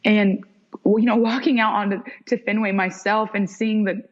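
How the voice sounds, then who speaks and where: Here a former pro soccer goalkeeper, a young woman, guests on a podcast and recounts stories in a casual interview. Her pitch is medium and her speed normal, and she brings quoted lines to life with animated acting. The sound is dull lo-fi podcast quality.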